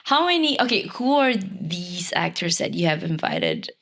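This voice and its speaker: A woman from Malaysia, a lively podcast guest who laughs easily and talks in quick asides. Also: fairly low pitch. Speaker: podcast guest, life coach. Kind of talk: casual interview chat.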